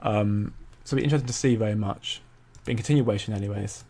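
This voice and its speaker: Rambling low-voiced male crypto host. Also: fast, darkish tone, a little hiss or hum. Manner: rambling, stumbling restarts, repeats words. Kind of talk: casual crypto market commentary, reading chat.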